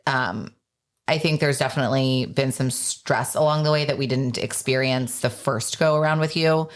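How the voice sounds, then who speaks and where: Low-voiced woman guest, candid. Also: moderate pace. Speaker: guest, returning homebuilding customer. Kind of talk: casual podcast chat.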